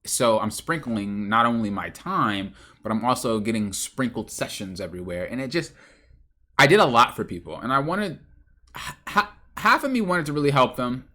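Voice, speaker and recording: Bright, lively man telling a rambling story. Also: medium pitch, normal speed. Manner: rambling, with stumbles and self-corrections. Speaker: podcast host and game coach. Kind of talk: casual storytelling monologue.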